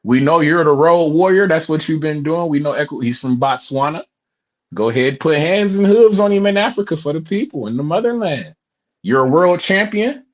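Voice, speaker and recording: Man, casual fight chat, slightly high voice, loose laughing banter, dull lo-fi stream audio. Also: lively intonation, normal speed.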